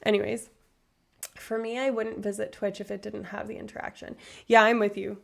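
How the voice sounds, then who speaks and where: Woman in her 30s, livestream host, chatty and rambling, with a gravelly fry in her voice. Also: medium pitch, little pitch movement, moderate pace. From far north Alberta, Canada. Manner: rambling, tangent-prone, self-deprecating. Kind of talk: casual chat reading viewer comments.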